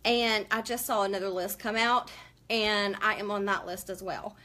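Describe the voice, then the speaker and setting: A woman's voice: mid-range voice, fairly even intonation, normal speed, pushed and bright. A woman hosting a casual live-stream makeup tutorial, chatty and emotional as she greets viewers by name.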